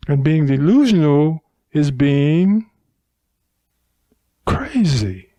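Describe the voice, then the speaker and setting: A man's voice: a little high, big pitch swings, very slow, mellow, no echo. A man giving a Buddhist dharma talk at a retreat center, teaching unhurriedly with emphatic repetition.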